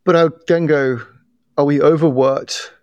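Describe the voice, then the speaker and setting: A middle-aged man, a guest on a podcast, explaining how people's biases work in an animated way, telling stories and often restarting his sentences. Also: on the high side, moderate pace, clean tone, dry recording, highs cut off. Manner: animated storyteller with repeated restarts. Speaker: podcast guest, bias trainer. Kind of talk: casual interview talk.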